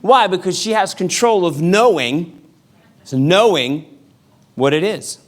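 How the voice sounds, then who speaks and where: A man's voice: high voice, slow pace. Man preaching with casual humor. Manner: casual, humorous storytelling with acted-out quotes. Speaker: pastor. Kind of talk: sermon.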